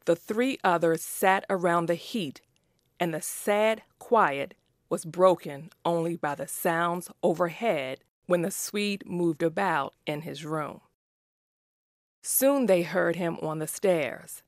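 Slow, careful woman narrator. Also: on the low side, no echo. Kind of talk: slow story reading for learners.

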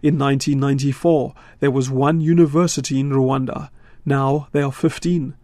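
A man reporting a radio news feature in a measured, scripted voice-over from a studio. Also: medium pitch, no room sound. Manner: measured, steady delivery.

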